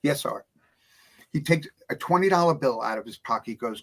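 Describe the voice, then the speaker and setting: A middle-aged man, a guest author telling stories in casual chat, animated and acting out the voices of others. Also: medium pitch, fast talker. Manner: animated storyteller, acts out voices.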